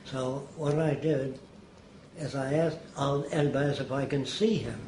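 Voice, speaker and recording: An elderly man recounts stories with emphasis, slipping into the voices of those he quotes. His pitch sits in the middle range. The room around him is echoey, with a faint background hiss. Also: a little slow, a little mellow. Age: older. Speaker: interviewee. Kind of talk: anecdotal storytelling. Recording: roomy echo, faint noise.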